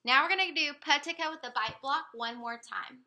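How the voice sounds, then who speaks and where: A woman running a motor speech examination, giving calm step-by-step instructions. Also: sits high, brisk. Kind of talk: clinical motor speech exam.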